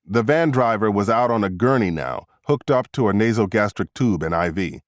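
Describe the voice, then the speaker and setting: A man narrating a thriller audiobook in the first person, with steady, tense storytelling. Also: lowish voice, moderate pace, no room sound, clean studio sound.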